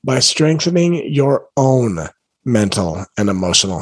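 Tired, husky-voiced man coaching parents. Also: medium pitch, expressive, unhurried, no echo, poor audio. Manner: earnest, encouraging, repeats key phrases. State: tired late at night. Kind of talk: casual direct-to-camera talk.

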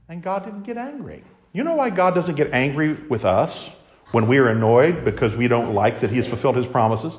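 A man preaching a sermon with dramatic swings between loud exclamations and hushed asides, acting out the voices of biblical characters. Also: mid-range voice, very animated, brisk.

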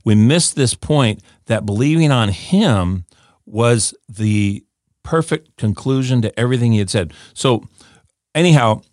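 A man's voice: medium pitch, lively intonation, measured pace, darkish tone, no echo, studio quality. Eager older man teaching scripture. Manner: eager, often repeats words as he restarts. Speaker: Bible teacher. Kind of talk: informal scripture teaching talk.

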